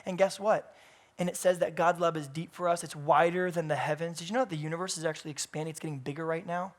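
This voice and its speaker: A man in his thirties preaching a sermon in church, moving between hushed, intimate passages and loud, emphatic peaks. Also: fairly high pitch, fairly even intonation, fast.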